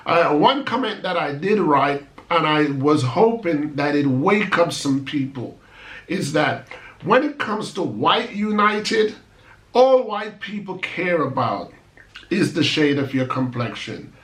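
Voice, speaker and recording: A man delivers an emphatic, argumentative monologue to his channel's viewers and brushes off critics with rhetorical asides. His voice sits a little high for a man. The sound bounces around a roomy space. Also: lively intonation, slow, fairly bright tone. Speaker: channel host. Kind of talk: opinion monologue to camera.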